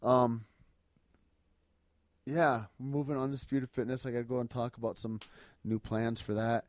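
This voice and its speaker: A man's voice: mid-range voice, little pitch movement, a little slow, no room sound. A man hosting a podcast in casual chat, ranting and joking with lots of swearing. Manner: profane, rambling joking rants. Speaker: podcast host.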